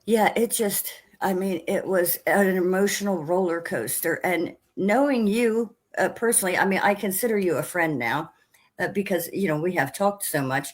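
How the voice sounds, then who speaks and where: A woman hosting a book interview, effusive and animated as she tells how a book affected her. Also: fairly low pitch, moderate pace. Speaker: podcast host. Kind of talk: casual interview chat.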